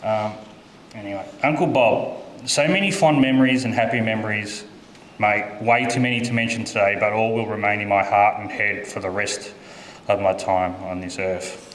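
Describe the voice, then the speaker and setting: A man speaks at a funeral, halting now and then and repeating himself. His voice is on the low side and echoes through the church over faint room noise. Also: steady tone, a bit bright. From Australia. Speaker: eulogy speaker. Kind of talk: reading a eulogy.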